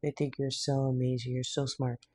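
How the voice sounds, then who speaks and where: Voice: medium pitch, little pitch movement, moderate pace, darkish tone, husky, no room sound. A tarot card reader in a casual reading, blunt and slangy, laughing now and then. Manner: laughs often.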